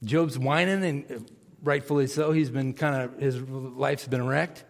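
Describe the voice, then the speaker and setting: A man's voice: medium pitch, fairly even intonation, measured pace, vocal fry. A man, a pastor, preaching a conversational sermon and asking his congregation questions. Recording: long reverb of a large hall.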